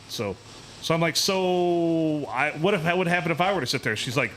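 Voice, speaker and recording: A man's voice: a little high, lively intonation, moderate pace, a bit bright, slight background noise. Ranting, profane man telling a story. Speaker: podcast host. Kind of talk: casual podcast storytelling.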